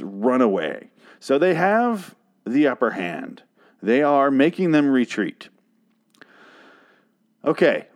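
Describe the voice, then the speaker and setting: A man casually recapping a TV episode, ranting angrily and profanely, often restarting his sentences. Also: mid-range voice. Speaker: TV episode reviewer.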